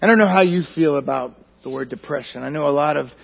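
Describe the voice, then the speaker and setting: A man delivering a sermon in a church, his voice sitting high for a man and roughened by a gravelly edge. He presses hard on key words, then lets phrases sink almost to silence. The recording is dull and lo-fi. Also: quick pace. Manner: emphatic, dropping to near-quiet at phrase ends. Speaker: pastor. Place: church sanctuary.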